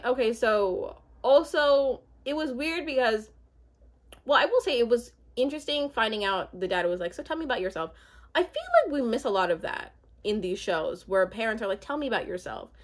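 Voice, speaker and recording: A woman's voice: on the high side, measured pace, a bit bright. A young woman in casual chat, rambling with many fillers and asides as she recaps a reality show.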